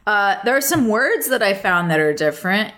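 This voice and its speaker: An American woman chats loosely on a podcast she co-hosts. She talks in an easy, lively way and laughs often. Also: mid-range voice, moderate pace. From United States. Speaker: podcast co-host. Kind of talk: casual chat.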